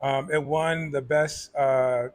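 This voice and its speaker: A man, a chef and restaurant owner, answering interview questions in a soft-spoken way with frequent pauses and fillers. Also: medium pitch, fairly even intonation.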